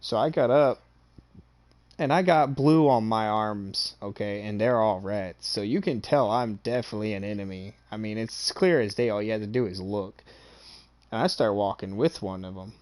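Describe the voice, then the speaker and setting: Low-voiced man telling a boastful story. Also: normal speed, a little mellow. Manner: swears freely, checks in with "okay?"; boastful and amused. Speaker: streamer. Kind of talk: casual storytelling.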